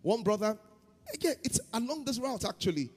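A man preaching a sermon as pastor, shifting between loud chanted prayer and quiet storytelling. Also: extremely high pitch, big pitch swings, brisk, husky, long reverb tail. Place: church hall.

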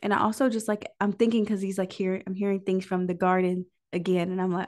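A woman hosting a prayer livestream, preaching in an emotional, near-tearful way and pausing often to listen. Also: medium pitch, steady tone, darkish tone. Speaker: host of a prayer call livestream. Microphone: livestream microphone.

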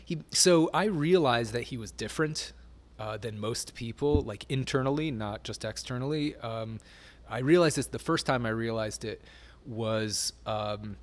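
A middle-aged man talks in a relaxed, rambling way as an interview guest, full of "like" and "um" and often breaking into a laugh. His voice sits in an ordinary male pitch. He sounds casual and candid. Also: a little slow.

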